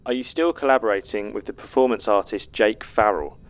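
Guy asking interview questions quick, low-ish voice, sounds like over a phone. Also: narrow, tinny audio, a little hiss or hum. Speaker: podcast host.

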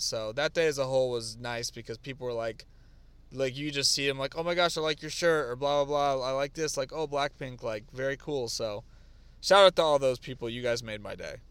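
Smooth-voiced young man telling stories. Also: medium pitch, normal speed, no room sound. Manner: animated storytelling with lots of fillers. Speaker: podcast co-host. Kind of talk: casual chat.

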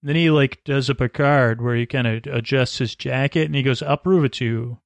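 A man with a gravelly voice rambles through a scene-by-scene recap, stalling on "uh" and restarting words. He is recorded close up on a very dry mic, with no room sound. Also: mid-range voice, no echo. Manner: halting, many "uh" fillers and restarts. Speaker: podcast host recapping a TV episode.

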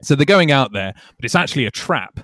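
A man's voice: mid-range voice, very animated, brisk, fairly bright tone, no room sound, studio quality. A British man co-hosting a film podcast, chatting casually and enthusiastically, often laughing and acting out scenes. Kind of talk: casual chat.

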